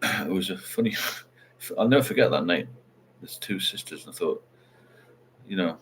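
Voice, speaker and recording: Low-voiced rambling man. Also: animated, moderate pace, a little hiss or hum. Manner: rambling, reads out viewer comments. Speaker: livestream host. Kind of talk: casual livestream chat.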